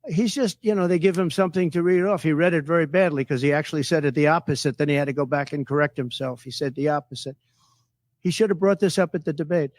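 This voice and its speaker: At a press conference, a political candidate handles reporters' questions, boasting and repeating himself with heavy emphasis. His voice is a little high for a man, and he speaks at a quick pace. The sound is dry and close with no room sound.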